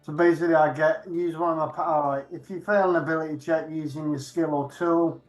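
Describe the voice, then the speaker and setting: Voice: mid-range voice, fairly even intonation, fairly quick, soft background music. A player in a tabletop game, talking casually and reassuringly.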